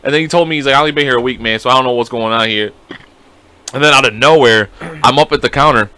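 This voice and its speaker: A man's voice: medium pitch, quick pace, bright, forceful tone, slight background noise. A young man co-hosting a podcast in casual chat. He swears freely and acts out other people's voices as he tells his story. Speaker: podcast co-host.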